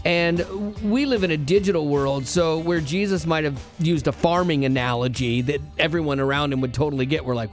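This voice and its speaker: A man with a fairly high-pitched voice hosts a morning radio show over soft background music. Playful and quick with jokes, he teases callers and his co-host as they chat.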